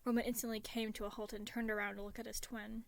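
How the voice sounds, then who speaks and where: A woman reading a fan story aloud in steady narration, sometimes dropping to a soft whisper. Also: on the high side, fast, vocal fry, no room sound. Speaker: fan fiction reader.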